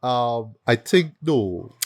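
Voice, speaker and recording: Podcast host, male, mid pitch, animated, keeps checking in with "right?", dry sound. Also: drawn-out words, no echo. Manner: animated, repeats words and asks "right?" often. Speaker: film review podcast host. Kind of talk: casual film review chat.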